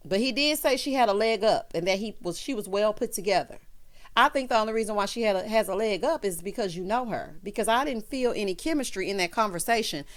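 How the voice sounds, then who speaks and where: A young woman hosting a casual reality show recap, sassy and chatty, calling viewers honey and child. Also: on the high side. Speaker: YouTube recap host.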